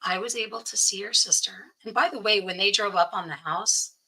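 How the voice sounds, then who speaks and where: A woman, a guest in an interview, telling a personal story and acting out the voices of the people in it, often dropping to a hush. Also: mid-range voice, brisk, breathy edge, low-quality recording. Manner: acts out quoted voices, often drops to hushed tones.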